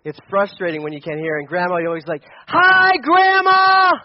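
A man's voice: fairly high pitch, steady tone, racing, no room sound, lo-fi sound. A young man preaching a sermon as a pastor, conversational and storytelling, with frequent restarts. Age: young adult.

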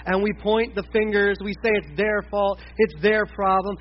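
Middle-aged pastor from the States, tenor-high voice, casual animated preaching; muffled, slightly hummy recording. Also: male voice, moderate pace, slight background noise. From United States. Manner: conversational and animated, dips to quiet asides. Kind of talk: sermon.

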